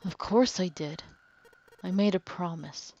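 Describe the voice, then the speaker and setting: A woman's voice: fairly low pitch, a little slow, darkish tone, lo-fi sound. Woman reading an earnest worried young man, Junpei.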